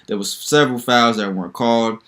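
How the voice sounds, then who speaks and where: A young man hosting a solo basketball commentary video, talking in an animated, incredulous, rambling way with lots of repetition. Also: medium pitch, fairly quick. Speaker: sports video host.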